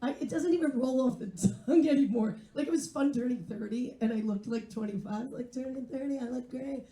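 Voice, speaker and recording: A woman's voice: on the high side, brisk, warm tone, echoey room. A woman in her forties performing a stand-up comedy set, wry and self-mocking as she chats with the crowd. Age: 40s. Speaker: stand-up comedian and English teacher. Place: live comedy venue.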